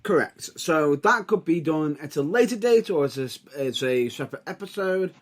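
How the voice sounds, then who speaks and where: A man's voice: fairly high pitch, expressive, normal speed. A man co-hosting a wrestling podcast, who keeps the talk moving with dry, teasing remarks. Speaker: podcast co-host. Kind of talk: casual chat.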